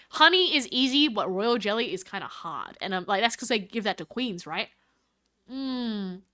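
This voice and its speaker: Bubbly woman streamer, high and lively. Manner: bubbly, scattered, thanks viewers and reads chat aloud. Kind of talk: casual live-stream chat with viewers.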